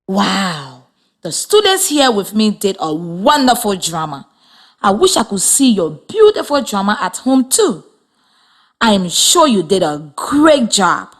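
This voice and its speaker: A woman teacher giving a reading lesson for young children, speaking slowly and clearly with encouraging classroom delivery and a Liberian accent. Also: medium pitch, fairly bright tone.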